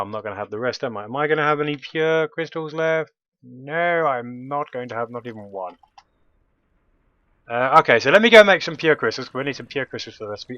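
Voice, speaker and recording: A man talks through his gameplay in a casual, thinking-aloud way, muttering and correcting himself as he goes. His voice is bright and forward, and the recording sounds a little dull and lo-fi, like a home desk mic. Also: medium pitch, no room sound. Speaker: let's play host.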